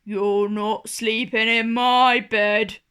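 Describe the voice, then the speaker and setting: A big gruff bear, put on by a woman reading aloud, booms each line slowly and loudly. The voice is deliberate and demanding, as in a children's storybook. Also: steady tone.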